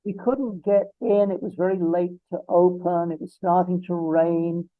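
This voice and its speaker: A man's voice: high voice, fairly even intonation, unhurried, dry recording. A man in his seventies with an English accent, reminiscing at length in an interview and wandering into reflective asides. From England. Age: 70s. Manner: discursive and reflective, with frequent asides. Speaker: interview guest. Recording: dry, phone-like line.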